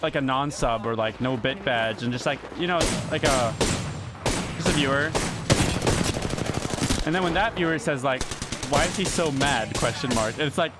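A man streaming live in casual chat, excitable and profane. He keeps jumping into high, squeaky protests. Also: normal speed, pauses often, loud music behind the voice. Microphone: gaming headset.

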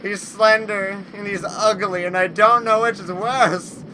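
A man hosting a let's play horror game video, talking to the game and yelling at its monsters. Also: high-pitched, unhurried, slight background noise, poor audio. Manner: loud, excitable, yelling insults at game monsters. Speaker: gaming video host.

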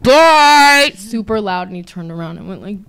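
A young woman co-hosting a podcast, telling a story casually, animated and swearing freely. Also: fairly low pitch, fast. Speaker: podcast co-host.

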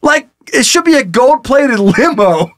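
High-voiced profane storytelling man. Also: sing-song, unhurried, a bit bright, no echo. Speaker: podcast co-host. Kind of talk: casual podcast chat.

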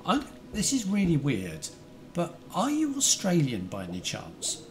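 A man's voice: fairly high pitch, huge pitch swings, unhurried, slight background noise. Chatty British man streaming a game. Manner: chatty, talks to chat viewers, remembers their details. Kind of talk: casual live-stream gameplay chat.

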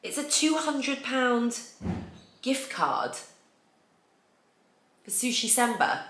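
A woman's voice: a little high, big pitch swings, slow pace, a bit bright. A woman in her thirties hosting a casual beauty unboxing, chatty and gushing over each product. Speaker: beauty vlogger host. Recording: echoey room with faint noise.

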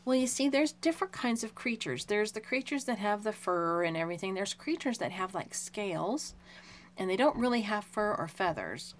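A woman's voice: mid-range voice, expressive, moderate pace. A young adult woman, a homeschooling mom, reading aloud from a picture book and explaining it simply to a young child, asking lots of questions.

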